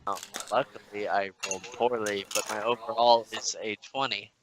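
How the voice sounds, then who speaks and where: A man's voice: fairly low pitch, steady tone, normal speed, background noise. A man playing a tabletop game, joking and teasing the others. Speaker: player.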